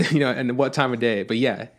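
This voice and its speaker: A man's voice: mid-range voice, moderate pace. Casting: easygoing male podcast co-host, playful teasing, loose delivery. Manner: easygoing, mock-outraged teasing, many fillers. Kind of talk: casual chat.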